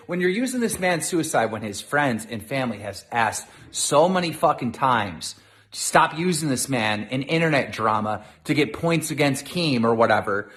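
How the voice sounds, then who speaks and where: A man's voice: high-pitched, fairly bright tone. A man in an angry rant video, swearing and defending himself in a heated tone. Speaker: online drama show host.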